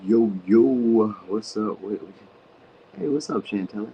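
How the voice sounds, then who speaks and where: A man's voice: on the low side, slow pace, muffled recording, slight background noise. A man hosting a live tarot reading, chatting loosely with viewers in slang and saying "you know what I mean" a lot. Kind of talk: casual live-stream chat.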